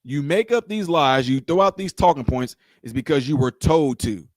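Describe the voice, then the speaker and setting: A man's voice: a little high, expressive, normal speed, darkish tone, dry recording, clean studio sound. A man delivering a confrontational political rant to camera, repeating his points and firing rhetorical questions. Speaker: political commentator.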